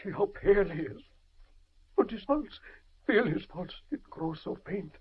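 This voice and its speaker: A desperate professor, high husky voice. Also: male voice, expressive, a little slow, full character voice. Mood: frantic grief. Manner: pleading, trembling. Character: anguished elderly male German professor, a father. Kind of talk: 1940s radio acting. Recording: muffled old radio broadcast.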